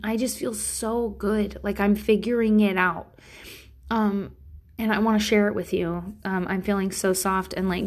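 A young woman hosting a solo podcast, talking candidly with lots of fillers and swearing, a bit sniffly, breaking into silly laughs. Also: medium pitch. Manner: candid, swears freely, many fillers and likes; laughs between lines, playful silly bursts. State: sniffly runny nose. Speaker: podcast host. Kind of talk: casual solo podcast chat.

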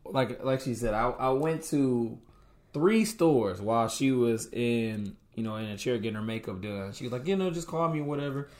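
A young man telling a casual story in a middle-pitched voice. He acts out his own reactions and quotes people as he goes. The talk is loose and conversational. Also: normal speed, a little mellow. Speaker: co-host, husband.

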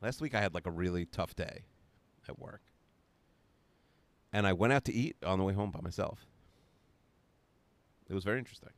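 A man's voice: low voice, moderate pace, pauses often, dry recording. A middle-aged man from the United States co-hosting a podcast, chatting casually with dry, wry asides. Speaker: podcast co-host. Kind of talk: casual chat.

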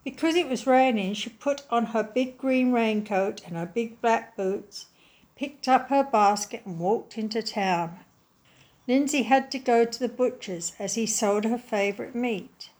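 A woman reading a children's story aloud in a slow, gentle, clearly enunciated way. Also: fairly high pitch.

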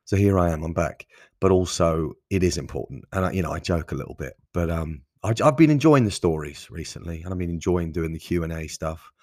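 A man's voice: low voice, lively intonation, fairly quick, darkish tone, dry recording, studio quality. A man hosting his own podcast, talking off the cuff in a rambling, self-deprecating way with casual swearing. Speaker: podcast host. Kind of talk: casual solo podcast monologue.

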